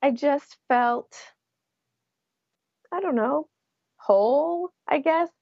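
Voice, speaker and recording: A woman's voice: sits high, very slow, gravelly, no echo, lo-fi sound. A young adult woman, an interview guest, telling her story in a casual way and laughing often. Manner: laughs often while recounting.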